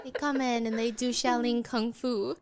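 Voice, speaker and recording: A woman hosting a casual chat, telling a story in an animated way. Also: on the high side, normal speed, heavy background noise. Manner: animated storytelling, acting out quotes. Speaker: host.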